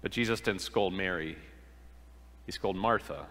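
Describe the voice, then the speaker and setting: A man's voice: low voice, measured pace, fairly bright tone, big-room sound. A man preaching a sermon, earnest, asking rhetorical questions and acting out the quoted lines. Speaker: pastor.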